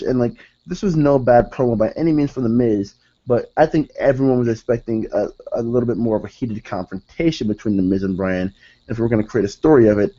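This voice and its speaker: A man reviewing a wrestling show in a casual, rambling rant, excitable and profane, often restarting his sentences. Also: on the low side, lo-fi sound.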